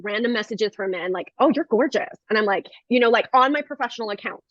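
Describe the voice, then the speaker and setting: A woman real estate agent in casual chat, chatty and quick to laugh. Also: mid-range voice, no room sound, highs cut off.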